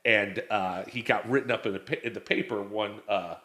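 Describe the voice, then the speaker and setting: A man's voice: fairly low pitch, moderate pace, sharp tone, roomy sound. A man in his forties chatting casually as a guest, telling rambling family stories and acting out the quotes. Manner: rambling storyteller, acts out quotes. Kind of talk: casual chat.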